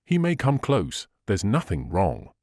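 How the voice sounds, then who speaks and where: A man voicing a mild gentleman passenger with slightly quavering speech. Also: lowish voice, huge pitch swings, a little slow, dry recording, clean studio sound, exaggerated voice. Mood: uneasy. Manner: mildly quavering.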